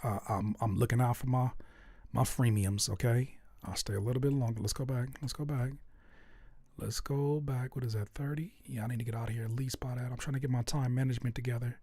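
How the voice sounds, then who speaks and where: A man hosting a music feedback stream in casual chat, jokey and repetitive, switching between loud outbursts and low mutters. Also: fairly even intonation, brisk, dry recording. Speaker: host reviewing music submissions.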